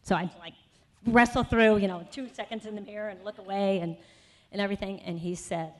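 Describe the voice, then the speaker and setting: A woman speaks a little fast in a mid-range voice with fairly even intonation. Sharing her personal testimony in a sermon at a conference session, she keeps it conversational with many asides, building to emphatic conviction.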